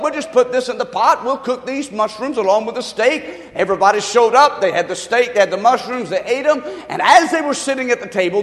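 A man's voice: high-pitched, fairly bright tone, big-room sound. A man preaching a sermon as pastor, telling a folksy story with emphatic delivery.

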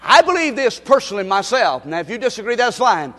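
A man preaches from the pulpit in a very high, ringing voice. He drives his points home by repeating phrases and climbing to shouts. The sound carries a long reverb from the church sanctuary. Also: very animated, a little fast. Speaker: pastor. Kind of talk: sermon.

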